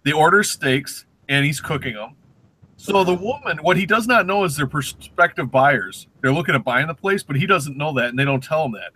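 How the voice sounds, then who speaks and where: A man co-hosting a live online show, telling a story in relaxed, animated chat and mimicking the people in it. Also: a little high, moderate pace, a little hiss or hum, rough recording. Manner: animated anecdote-teller who mimics people. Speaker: co-host.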